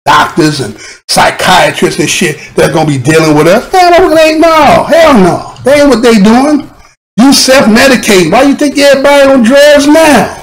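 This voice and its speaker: A man's voice: sits high, low-quality recording. A man hosting a live stream, talking in a rambling, profane monologue full of slang.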